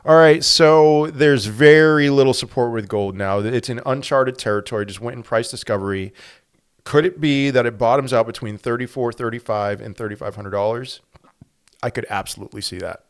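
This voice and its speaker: A man hosting a crypto channel, giving animated, conversational market commentary full of rhetorical questions. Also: mid-range voice, a little fast, smooth.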